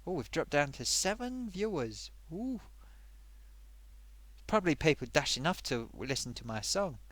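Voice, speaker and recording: Male live-stream host, higher voice, very lively pitch, rambling and self-amused, dry close sound. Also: measured pace, no room sound. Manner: rambling, chatty, self-amused, many fillers. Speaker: live-stream host reading viewer comments. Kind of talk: casual live-stream chat.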